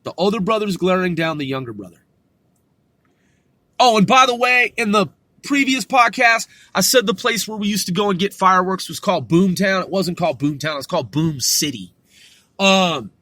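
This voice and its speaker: A man's voice: sits high, expressive, fairly quick, sharp tone, no echo. A man hosting a podcast, telling a story in a rambling, profane way with many restarts. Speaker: podcast host.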